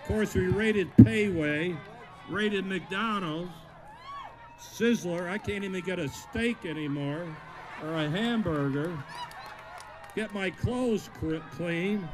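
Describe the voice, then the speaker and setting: A high-pitched man from Massachusetts speaks slowly and bluntly as a sheriff at an outdoor rally, cracking jokes and breaking into shouts. His voice carries through a microphone over a loud crowd and steady noise on a capitol lawn. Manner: blunt, joking, bursts of shouting.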